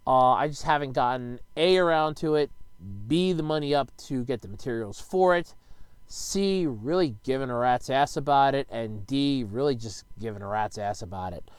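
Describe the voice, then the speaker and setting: Man, rambling vlog talk, casual swearing, smooth clear voice, dry close-miked sound. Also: medium pitch, normal speed, no room sound. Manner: rambling, swears casually, sudden loud outbursts. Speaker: YouTuber answering viewer questions. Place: his bedroom at home. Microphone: close desk microphone.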